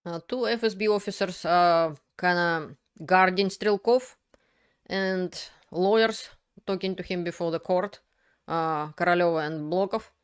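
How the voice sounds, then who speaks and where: A woman hosting her own political video channel, explaining events in a casual, unscripted way with halting, explanatory delivery. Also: on the low side, clean tone. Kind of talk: casual spoken commentary to camera.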